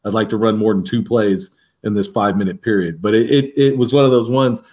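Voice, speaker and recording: A man with a fairly low voice tells coaching stories in an interview. He is lively and acts out the lines he shouts on the practice field, with his pitch jumping up for them. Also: a little fast. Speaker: defensive line coach. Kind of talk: interview storytelling.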